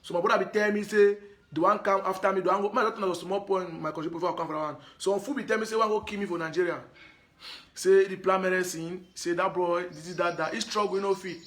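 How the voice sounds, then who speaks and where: A man's voice: high-pitched, fairly even intonation, quick pace, fairly bright tone. A man speaking in a Cameroonian Pidgin accent, his voice sitting a little above the usual male range. He addresses his audience directly in a live stream monologue, hammering his points home through repetition and earnest appeals. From Anglophone Cameroon. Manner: emphatic and repetitive, pleading. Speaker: live broadcaster.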